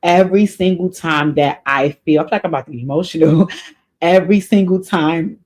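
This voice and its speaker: A woman's voice: fairly low pitch, brisk, a little mellow. An earnest woman hosts an advice show, answering a viewer's letter in casual spoken counsel. She talks in an encouraging, faith-minded way and repeats her key points for emphasis. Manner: spiritual advice. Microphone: off camera, voice only.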